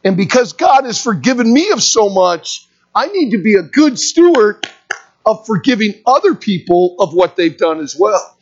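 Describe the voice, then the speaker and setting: Pastor, sermon; husky, very animated pitch; asks the room questions. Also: normal speed. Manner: animated storytelling preacher, rhetorical questions to the congregation. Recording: dull lo-fi recording.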